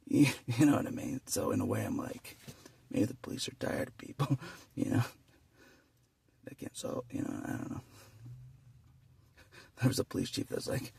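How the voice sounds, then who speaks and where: A man with a heavily gravelly, raspy voice talks through a loose, rambling vlog monologue. He chuckles often and circles back over the same points. His voice sits a little away from the mic and rises and falls a lot. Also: medium pitch, far from the mic. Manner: chuckles often between phrases, repeats himself. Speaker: vlogger.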